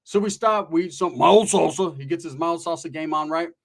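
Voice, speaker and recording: A man's voice: fairly high pitch, a little fast, gravelly. A man from Central California telling a comedic story in rambling, profane street slang.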